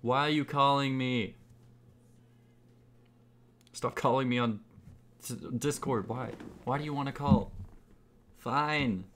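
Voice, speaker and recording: A man's voice: medium pitch, steady tone, slow, pauses often, a bit bright, slight background noise. A young man streaming live, goofily chanting a name over and over between casual asides to his chat.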